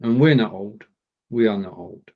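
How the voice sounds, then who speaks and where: A man's voice: on the low side, normal speed, phone-quality sound. Jokey man stumbling through German. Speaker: co-host and learner. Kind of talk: casual live language lesson.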